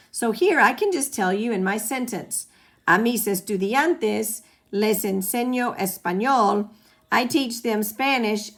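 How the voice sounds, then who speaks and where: A woman's voice: mid-range voice, creaky. A woman teacher explaining grammar in a recorded lesson, patient and repeating key points for emphasis. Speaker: Spanish teacher.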